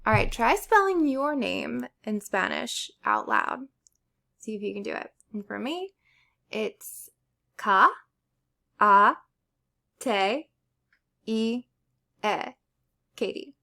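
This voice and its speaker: A woman's voice: a little high, lively intonation, slow pace, creaky, long pauses, sharp tone. A young woman teaching Spanish pronunciation in a casual lesson, explaining step by step with examples.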